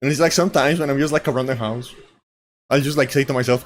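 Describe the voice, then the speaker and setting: A man whose first language is Spanish, hosting a casual podcast chat in a halting, filler-heavy, giggly way. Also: mid-range voice, steady tone, a little hiss or hum. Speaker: podcast host.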